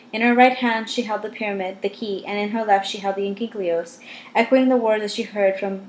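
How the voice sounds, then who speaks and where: Woman reading a novel, measured, wry asides, mid-pitched, echoey room. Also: a little mellow, slight background noise. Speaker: audiobook reader. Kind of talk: first-person novel narration. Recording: roomy echo.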